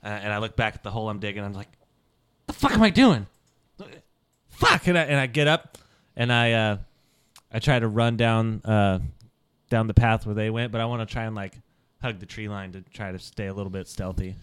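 Male player, low, bright and smooth voice, rambling delivery. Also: steady tone, a little fast. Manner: rambling, restarts, swearing. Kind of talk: tabletop game play.

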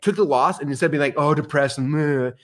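A middle-aged man, a podcast guest, telling stories in a casual, animated way. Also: fairly high pitch, fast talker. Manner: animated, swings into excited outbursts. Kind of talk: casual storytelling.

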